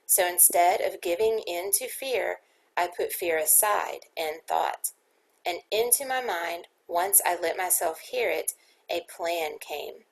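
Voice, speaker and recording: A woman reader voicing a man telling a dramatic ghost story by the fire, with a low, gravelly tone. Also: takes it slowly, rough recording. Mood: tense. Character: old man storyteller spinning a ghost tale.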